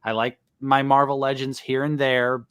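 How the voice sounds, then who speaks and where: A man hosting a casual livestream, chatty and relaxed, reading viewer comments. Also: mid-range voice, moderate pace, smooth, no room sound. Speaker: host.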